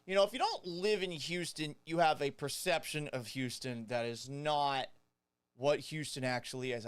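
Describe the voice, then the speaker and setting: A man's voice: mid-range voice, clean tone, no echo. A man in his thirties hosting a sports podcast, talking casually in a joking, self-mocking way. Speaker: podcast host. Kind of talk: casual sports talk monologue.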